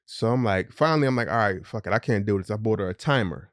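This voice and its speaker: A man's voice: medium pitch, expressive, fast talker, hardly any pauses, smooth, no echo, studio quality. A middle-aged man co-hosting a podcast, candidly telling a personal story in casual, profane speech and acting out the voices of the people in it. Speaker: podcast co-host.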